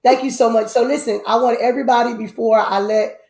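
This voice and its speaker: A woman hosts a casual live stream in a slightly higher voice. She is animated, breaks into loud outbursts and repeats herself often. The room around her is echoey. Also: a little fast, gravelly. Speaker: host.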